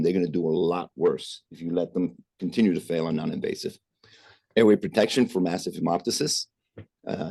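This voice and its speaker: Low, dark-voiced male medical lecturer. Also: gravelly, breathy edge, no echo. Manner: explanatory, with frequent "uh" and "right?". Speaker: physician lecturer. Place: remote presentation over a call.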